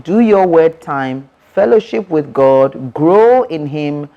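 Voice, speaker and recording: Woman guest, low pitch, emphatic preacherly delivery with repetition. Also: animated, slow, hardly any pauses, warm tone, highs cut off. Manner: emphatic, preacherly, repeats words for effect. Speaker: author and guest. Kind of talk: testimony in an interview.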